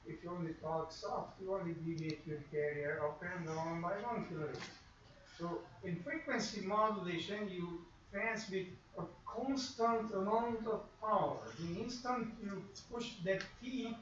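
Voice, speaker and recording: A man whose voice sits high and a bit bright is lecturing a radio class, acting out examples in quoted asides. A little hiss or hum comes through, and the sound is distant, echoey and dull.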